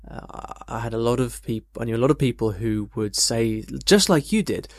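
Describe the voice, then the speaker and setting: A man's voice: mid-range voice, lively intonation, moderate pace, dry recording. Man explaining in a dry voice. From United Kingdom. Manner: thoughtful, conversational, tells personal stories. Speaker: English teacher. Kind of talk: casual explanatory talk answering a question.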